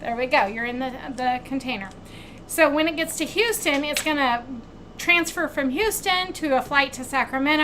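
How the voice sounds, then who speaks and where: Woman vlogger chatting at home, high bright voice, bit of room noise behind. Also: low-quality recording. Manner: animated retelling, acts out quoted exchanges. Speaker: craft channel host. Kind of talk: casual storytelling vlog.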